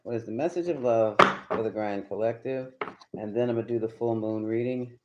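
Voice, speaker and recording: A man's voice: medium pitch, brisk, dull audio, very noisy. A man doing a live tarot reading, chatty and emphatic, talking straight to his viewers. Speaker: tarot reader.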